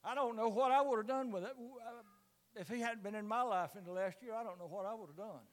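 An older man preaches in a church, his voice sitting very high for a man. He drops to low murmurs, then rises into loud, fervent calls to the congregation. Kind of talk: sermon.

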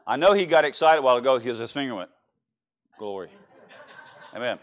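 Animated Louisiana preacher quizzing his flock. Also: mid-range voice, very fast. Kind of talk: sermon.

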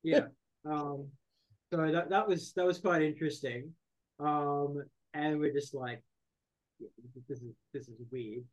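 Hesitant man, fairly high voice. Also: steady tone, takes it slowly, dull audio. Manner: hesitant, many fillers and restarts, dry humour. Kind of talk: casual chat.

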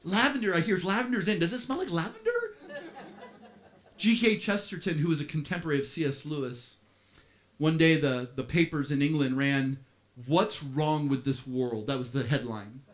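A man preaching a sermon as pastor, animated, with playful asides, swinging from quiet stretches to shouting. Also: a little high, moderate pace.

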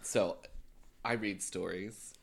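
A woman co-hosting a podcast in casual chat, animated and playful. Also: extremely low pitch, takes it slowly, vocal fry, a little hiss or hum. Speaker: podcast co-host.

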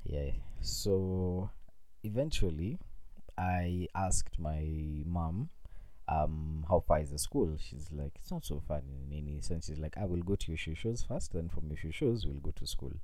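A young Kenyan man with a Kenyan accent tells a funny personal story in a loose, animated way, slipping in Swahili phrases. His voice sits very low and sounds mellow. The sound is dry and close. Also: measured pace, no room sound. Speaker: vlogger. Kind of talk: casual storytelling.

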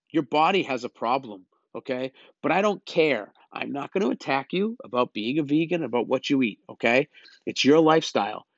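A man's voice: medium pitch, a bit bright, no echo, lo-fi sound. A man delivering a blunt, exasperated opinion rant, lecturing his listeners and tagging lines with "okay?".

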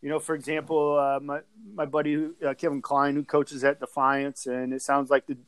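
A man's voice: a little high, monotone, normal speed, fairly bright tone, clear, resonant tone, dry recording, low-quality recording. A man co-hosting a podcast, chatting casually about sports with lots of fillers and restarts. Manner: rambling, with many fillers and restarts.

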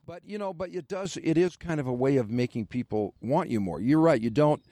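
A man's voice: a little high, animated, brisk, warm tone, dry recording. An older man and former radio host, telling rambling stories in casual podcast chat with many fillers.

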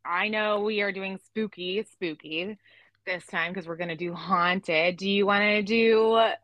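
A woman from Illinois hosting a casual podcast chat, chatty and quick to laugh, with lots of fillers. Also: mid-range voice, fairly even intonation, no room sound, muffled recording. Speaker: podcast host.

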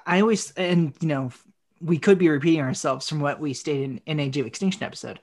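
A man co-hosting a film podcast, speaking casually and deliberately, stretching out phrases as he makes his point. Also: fairly high pitch. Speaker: podcast co-host. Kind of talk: casual film review chat.

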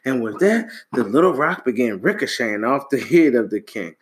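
A man reading a folktale aloud to a child, animated and relaxed, with casual asides. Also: mid-range voice, moderate pace. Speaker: storyteller.

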